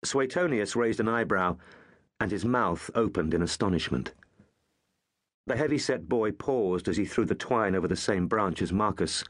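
Expressive low-voiced male narrator. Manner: measured, expressive storytelling. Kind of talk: audiobook narration.

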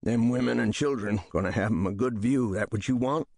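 A man's voice: mid-range voice, brisk, creaky, a little mellow, dry recording. A man voicing a wary frontier postmaster with a dry rural drawl.

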